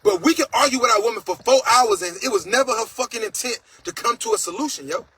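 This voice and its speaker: A man hosts a casual livestream monologue, bluntly profane and preachy, reading viewer comments aloud. His very high voice is expressive, fast, pushed and bright with a breathy edge, in a low-quality recording.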